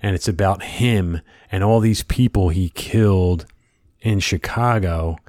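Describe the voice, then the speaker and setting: A man, co-hosting a casual chat and telling stories with animated, acted-out quotes. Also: low-pitched, measured pace, no room sound, studio quality. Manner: animated storyteller who acts out quotes loudly.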